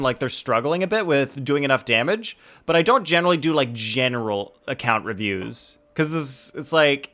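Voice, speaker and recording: A man's voice: fairly high pitch, fairly bright tone. A man streaming a game, chatting and joking playfully with his viewers. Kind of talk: casual livestream chat.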